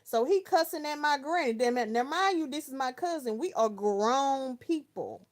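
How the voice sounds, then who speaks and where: Brief: woman, around thirty, from Texas, livestream host, slangy storyteller, slightly high voice. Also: animated, normal speed. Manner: chatty storytelling with slang, talking to viewers by name. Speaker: live chat host. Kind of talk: casual livestream chat, reading viewer comments.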